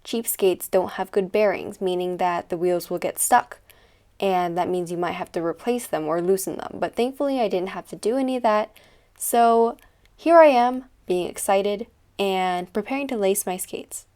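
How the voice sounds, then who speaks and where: A woman's voice: medium pitch, moderate pace, darkish tone. A teenage girl narrating her own vlog in a chatty, playful, self-deprecating way. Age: teens. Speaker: vlogger. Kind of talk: casual voice-over narration.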